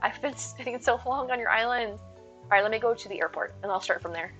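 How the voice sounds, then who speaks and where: A woman's voice: a little high, a little fast, a bit bright. A woman live streaming a game, chatting casually and bubbly with her viewers and thanking them often. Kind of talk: casual chat while gaming. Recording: slightly dull sound with faint music.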